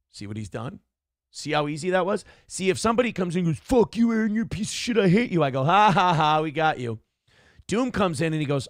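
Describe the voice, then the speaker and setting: A man's voice: sits high, gravelly, a bit bright, no echo, studio quality. A man hosting a live call-in show, reading viewer comments aloud in a profane, sarcastic, self-mocking way. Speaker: talk show host.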